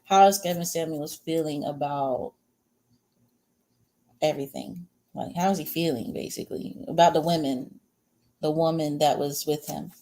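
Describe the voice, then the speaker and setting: A woman with a slightly low voice runs a loose, chatty tarot reading for a live audience. She rambles from card to card, greets viewers by name, answers their comments, and speaks bluntly, with the odd crude word and a chuckle. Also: steady tone, normal speed, mellow. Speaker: tarot reader. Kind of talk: casual livestream tarot reading.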